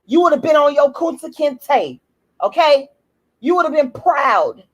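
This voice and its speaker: A woman's voice: sits high, big pitch swings, measured pace, highs cut off. A woman with an African American English accent, ranting to camera in a blunt, profane, heated and repetitive way. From United States. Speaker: YouTube commentator. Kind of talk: emphatic personal rant to camera.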